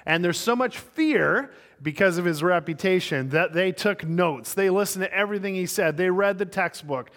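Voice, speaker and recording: A man preaches to his congregation, telling stories with lively delivery and acting out their characters. His voice sits a little high for a man. A long reverb from the large hall trails behind every phrase. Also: moderate pace, hardly any pauses. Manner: animated storyteller, voices the people in his stories. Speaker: pastor. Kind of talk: sermon with storytelling.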